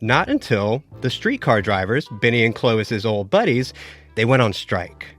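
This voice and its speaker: A man pitching his case on a podcast with a playful, theatrical, drawn-out storytelling manner. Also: big pitch swings, fairly bright tone, soft background music. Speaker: reporter and debate guest.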